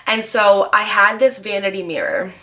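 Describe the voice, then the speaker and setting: A woman's voice: mid-range voice, steady tone, sharp tone. A young woman in her twenties telling a storytime vlog, chatty and full of "like" fillers. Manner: chatty, fast, heavy use of "like". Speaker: vlogger. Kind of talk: casual storytime.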